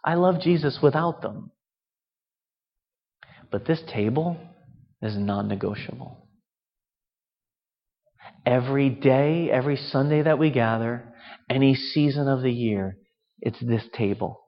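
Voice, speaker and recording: A man's voice: mid-range voice, a little slow, pauses often. A male pastor giving a conversational communion sermon, asking rhetorical questions. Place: church. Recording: dull reverberant hall sound.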